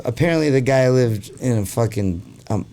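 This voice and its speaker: A man's voice: medium pitch, expressive, normal speed, warm tone. A man hosting a podcast in casual chat, rambling with lots of fillers and swearing freely. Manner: rambling, heavy on fillers like "like" and "you know". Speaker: podcast host.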